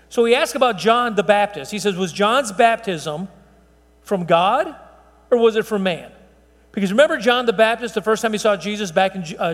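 A man's voice: high voice, in a large hall. A man preaching a conversational Bible-teaching sermon, emphatic, with fillers and restarts. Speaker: pastor.

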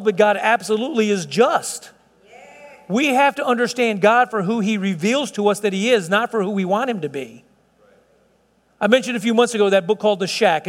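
High-voiced preaching man in a reverberant hall. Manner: preaching with slowed, stretched emphasis and rising intensity. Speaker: pastor. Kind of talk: sermon.

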